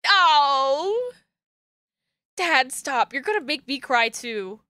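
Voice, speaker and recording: A woman reading the lines of an affectionate teenage daughter in a dating game, teasing and warm. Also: high voice, sing-song, slow pace, no room sound, full character voice. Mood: teary.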